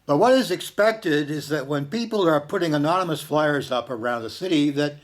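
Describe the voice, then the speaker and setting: An older man from Canada telling a personal story in a slow, reflective way, dropping to a hush for quoted words. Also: on the high side, lively intonation.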